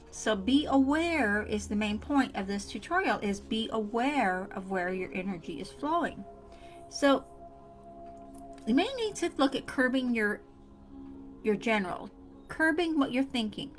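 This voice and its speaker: A woman talks straight to camera in a casual motivational tutorial, earnest and repeating her points. Her voice sits a little high. Soft music plays faintly beneath her. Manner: earnest, repetitive, speaks straight to the viewer. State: coughing fits. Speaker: self-help vlogger.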